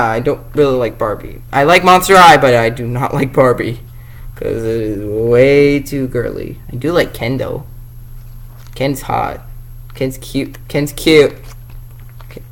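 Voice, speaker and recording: Male vlogger, casual comic review, excitable, jokey, rambling, unhurried delivery. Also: mid-range voice, poor audio.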